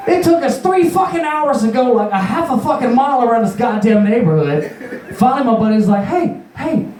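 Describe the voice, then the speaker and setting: A man's voice: expressive, fairly quick, darkish tone. Rowdy guy telling a story, far off. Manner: rambling, profane, laughing, acts out quotes in a higher voice. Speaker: storyteller at an open mic. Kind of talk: live stand-up storytelling. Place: bar or juke joint. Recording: echoey room from far off.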